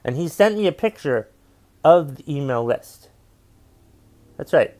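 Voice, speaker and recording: A man's voice: on the high side, expressive, measured pace, a little mellow. A man who hosts his own podcast as a stand-up comedian, ranting in an exasperated, profane way and repeating his refrains. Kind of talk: comedic rant.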